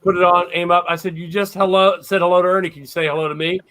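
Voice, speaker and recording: A man co-hosting a podcast, telling stories in a lively way and acting out the dialogue. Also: high-pitched, fast talker, clean tone, dry recording. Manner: lively storyteller, acts out dialogue. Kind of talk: casual storytelling.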